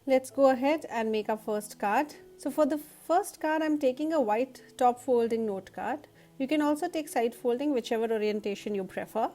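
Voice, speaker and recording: A woman with a husky, nasal voice from allergies, explaining a card-making technique step by step in a voice-over tutorial. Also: fairly high pitch, moderate pace, warm tone.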